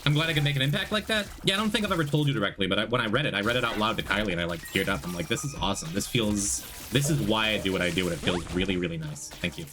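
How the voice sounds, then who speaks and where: A man's voice: lowish voice, expressive, racing, hardly any pauses, music in the background. A man streaming a game, chatting casually, rambling and joking as he reads and answers chat. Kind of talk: casual live-stream chat while gaming.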